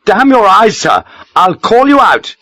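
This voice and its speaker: A man's voice: a little high, slow pace, sharp tone, dry recording, pitched above the performer's own voice, full character voice. A man voicing an indignant, flustered young cavalry officer who sputters in outrage. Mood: outraged.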